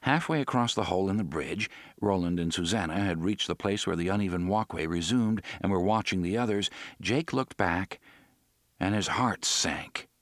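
A man narrating an audiobook in a measured, dramatic storytelling manner. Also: low-pitched, no echo, studio quality.

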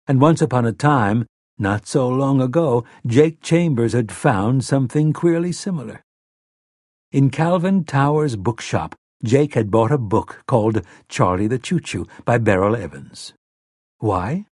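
A man reading an audiobook as its narrator, telling the story in a measured, expressive way. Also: mid-range voice, slightly rough, dry recording, clean studio sound. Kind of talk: scripted narration.

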